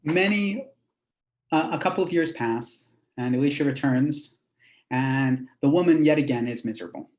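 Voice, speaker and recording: A man's voice: medium pitch, normal speed, a little mellow. A man, a rabbi, telling a teaching story in a conversational way with fillers and asides. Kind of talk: storytelling lesson.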